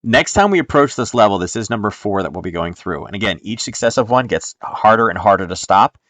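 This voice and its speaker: Low-voiced man talking through charts. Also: lively intonation, brisk, a bit bright, dry recording. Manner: chatty, explains step by step with frequent ums and "right?". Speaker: trading educator hosting a nightly stream. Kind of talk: casual live-streamed chart walkthrough.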